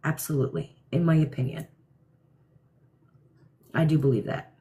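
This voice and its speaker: A woman's voice: low voice, moderate pace, dark tone. A woman from New Jersey with a New York-area accent, hosting a casual livestream and answering viewer comments in a blunt, opinionated way. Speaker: livestream host.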